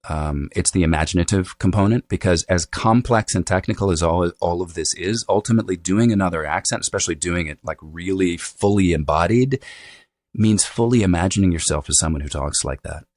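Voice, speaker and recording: A man with a very low voice talks through his expertise in an easygoing interview. He explains at length, restarting phrases and filling pauses with "um" and "you know." The sound is dry and close. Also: darkish tone, no room sound. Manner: thoughtful, explanatory, with frequent fillers. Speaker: dialect coach. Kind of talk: casual interview answers.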